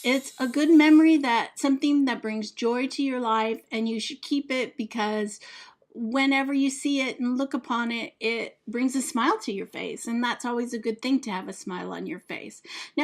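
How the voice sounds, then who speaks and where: Woman doing a chill tips vlog, higher voice, friendly and plain, a few ums. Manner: friendly, plain-spoken advice with occasional "um". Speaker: home organizing vlogger.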